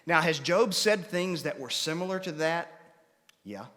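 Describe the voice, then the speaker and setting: A man's voice: fairly high pitch, lively intonation, unhurried, sharp tone. Man preaching in a reverberant church. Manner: explains patiently, checks in with listeners by asking questions. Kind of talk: conversational Bible-class sermon.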